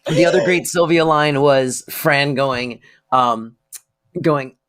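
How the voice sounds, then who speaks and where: A man's voice: fairly high pitch, takes it slowly, a bit bright. Chuckling man co-hosting a podcast. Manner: laughs often, hesitant with many ums. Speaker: podcast co-host. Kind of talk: casual chat.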